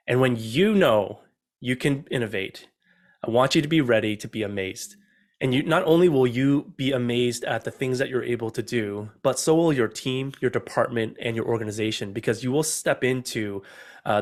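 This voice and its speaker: Middle-aged male speaker, upbeat online talk, speaks straight to listeners. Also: mid-range voice. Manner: upbeat, addresses listeners directly with questions. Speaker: innovation speaker.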